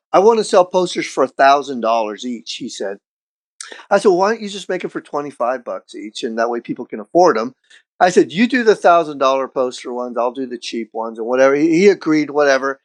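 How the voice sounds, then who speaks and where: A middle-aged man, a street artist guest on a podcast, telling stories in a casual, profane, animated way and acting out what people said. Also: on the high side. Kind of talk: casual storytelling chat.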